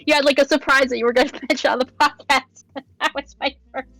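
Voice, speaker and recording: Podcast co-host: young woman from the Southern US, higher-pitched, excitable, laughs easily. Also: quick pace, dry recording, faint music behind, poor audio. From Southern United States. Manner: emotional, excitable, laughs often. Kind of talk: casual group chat.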